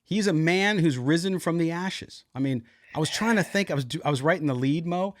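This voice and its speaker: A man's voice: a little high, brisk, dry recording, studio quality. A man hosting a sports podcast in casual talk, full of asides.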